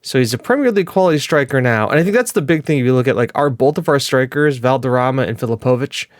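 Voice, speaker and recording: A man's voice: medium pitch, expressive, fast talker, no room sound. Chatty man, dry close sound. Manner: chatty, rambling, with fillers and self-corrections. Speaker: gaming video host. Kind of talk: casual gameplay commentary.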